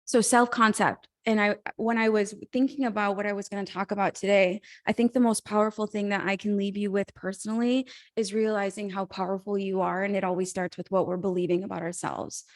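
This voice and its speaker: A woman life coach giving a heartfelt, encouraging motivational talk over a video call, with soft laughs now and then. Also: mid-range voice, flat delivery, a little fast, few pauses. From Mexico.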